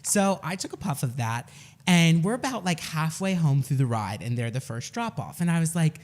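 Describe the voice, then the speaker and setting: A young man co-hosting a podcast, telling a story in a casual, animated way and laughing often. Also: fairly high pitch, normal speed. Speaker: podcast co-host.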